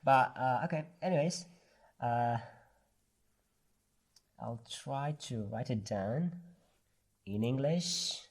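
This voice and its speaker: Slow, hesitant male teacher. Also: mid-range voice, animated. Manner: hesitant, many ums and uhs. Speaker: English teacher. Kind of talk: screen-share tutorial.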